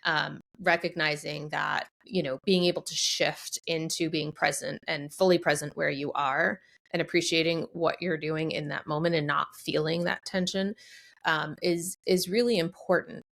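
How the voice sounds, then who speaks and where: A woman's voice: sits low, steady tone, moderate pace, gravelly. A woman hosting a podcast interview, affirming her guest and thinking aloud with small hesitations. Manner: warm, affirming, thoughtful with hesitations. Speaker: podcast host. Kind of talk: casual conversational interview.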